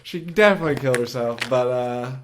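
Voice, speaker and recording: A man's voice: mid-range voice, brisk, a little hiss or hum. A man co-hosting a podcast, telling a rambling, crude story in casual chat and laughing as he goes. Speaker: podcast co-host. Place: shared room with co-host.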